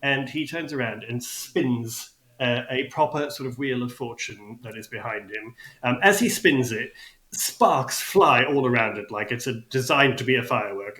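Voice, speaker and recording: Game master, male, mid-pitched, unhurried scene narration, echoey room. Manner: descriptive, relaxed, with fillers.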